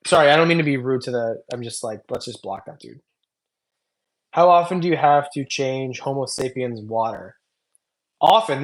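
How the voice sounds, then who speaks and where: A man hosting a long casual livestream, reading chat comments aloud and joking loosely, tired after hours on air. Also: medium pitch. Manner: loose, rambling, joking, many fillers. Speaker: reptile channel host.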